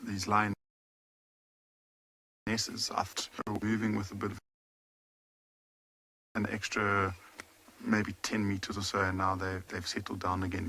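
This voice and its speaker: A man commentating calmly on lions and birds during a live safari drive, describing what he sees. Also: fairly low pitch, rough recording. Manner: measured, descriptive, observant. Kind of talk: wildlife commentary. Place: outdoors in the bush.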